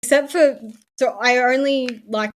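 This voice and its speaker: A woman's voice: high-pitched, steady tone, measured pace. A young Australian woman chatting casually as she unboxes souvenirs, swearing offhand and trailing off mid-sentence. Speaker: streamer. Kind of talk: casual chat while unboxing.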